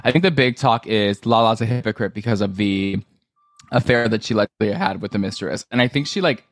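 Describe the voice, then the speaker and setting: A man's voice: fairly low pitch, a little fast, no room sound. A man co-hosting a podcast, chatting casually and bluntly about reality television, swearing freely. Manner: blunt, profane, animated gossip. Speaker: podcast co-host. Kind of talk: casual chat.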